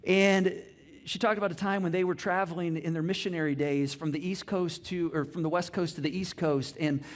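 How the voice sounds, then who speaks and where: A man's voice: high voice, steady tone, a little fast. A middle-aged man preaching a sermon, telling stories with many restarts and quoted conversations. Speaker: pastor.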